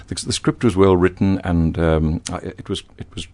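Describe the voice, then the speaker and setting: An older veteran broadcaster, speaking as an interview guest, telling stories animatedly with frequent stammering restarts. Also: male voice, low-pitched, fairly even intonation, moderate pace, darkish tone. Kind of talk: interview conversation.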